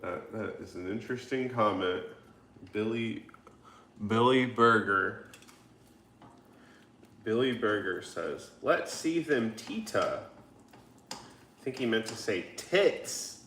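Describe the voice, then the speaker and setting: A man hosting a livestream, reading viewer comments aloud with a slow, laid-back delivery. His voice is bright and his talk is joking and profane. The room is echoey. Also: mid-range voice, slight background noise. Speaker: livestream host.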